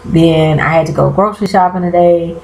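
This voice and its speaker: A woman's voice: lowish voice, steady tone, a little fast, a little mellow, reverberant, a little hiss or hum, low-quality recording. A woman chatting casually to her viewers, calling them y'all and exclaiming as she recaps a TV episode. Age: 30s. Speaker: vlogger. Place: bedroom at home.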